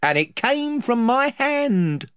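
Reader playing the chief of the invisible creatures: rambling, rustic, politely menacing, with wildly swinging pitch. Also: big pitch swings, slow pace, fairly bright tone, clear, resonant tone, no room sound, clean studio sound. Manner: rambling, folksy, servile yet menacing.

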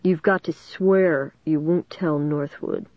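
A woman reading the part of a sullen, hostile teenage boy who mutters his words low and slow. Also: dry recording, full character voice. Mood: insistent. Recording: dull dry lo-fi recording.

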